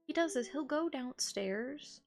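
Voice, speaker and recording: A woman's voice: sits high, animated, unhurried. A woman chatting casually while streaming her drawing at home, rambling with lots of "like"s and frequent laughs. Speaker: art streamer. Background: soft guitar music.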